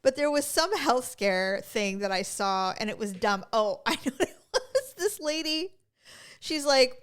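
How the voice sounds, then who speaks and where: Smooth-voiced woman telling animated stories. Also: high voice, measured pace. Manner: animated storyteller acting out quoted voices. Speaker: podcast co-host. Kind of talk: casual chat.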